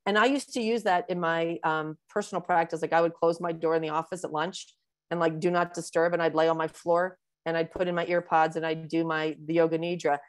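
A woman in her sixties, a physician being interviewed in a webinar, explaining at length in a warm, rambling way with many fillers. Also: deep voice, fairly even intonation, fairly quick, no room sound. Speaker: breast cancer physician, guest.

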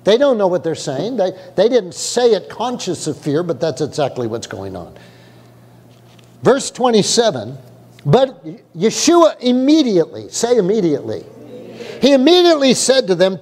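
A man preaching with a lively, swooping delivery that keeps jumping into acted voices of frightened people. His voice sits a little high for a man. A long reverb rings behind him, as in a church sanctuary. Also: moderate pace. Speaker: pastor. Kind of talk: sermon.

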